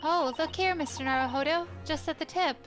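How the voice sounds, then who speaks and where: A woman's voice: high voice, fairly quick, voice pushed up, natural voice. A woman voicing a genteel, polite young woman assistant who speaks in a prim, formal way. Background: game music.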